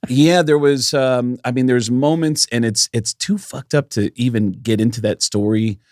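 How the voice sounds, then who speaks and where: A man's voice: medium pitch, moderate pace, darkish tone, dry recording, studio quality. A man who is a comedian and podcast host, telling a story in casual chat, swearing freely and acting out the people in it.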